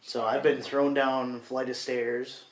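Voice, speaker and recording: Halting man in an echoey room. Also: mid-range voice, level tone. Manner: halting, restarts often. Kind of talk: casual podcast chat.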